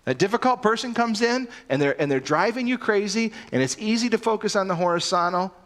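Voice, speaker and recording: A man's voice: sits high, animated, fairly quick, fairly bright tone. A man preaching a sermon, earnest and emphatic, often repeating words as he starts a sentence.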